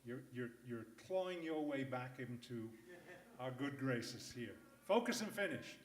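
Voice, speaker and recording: The echoey recording captures a man with a mid-range voice and measured pace running a live public-speaking workshop in a conference room. His delivery is lively and emphatic, sprinkled with jokey asides.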